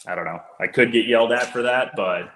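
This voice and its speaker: A man's voice: mid-range voice, brisk, fairly bright tone, roomy sound, a little hiss or hum. A man who works as a fishing guide, talking gear in a laid-back way, saying "dude" and "bro". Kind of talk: casual gear talk.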